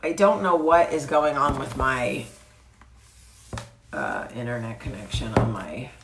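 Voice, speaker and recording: A woman's voice: rumbling low, expressive, a little slow, heavy background noise. A woman with a cold, chatting casually and bluntly to camera in her vlog, swearing freely. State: sick with a cold. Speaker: vlog host. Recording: roomy echo.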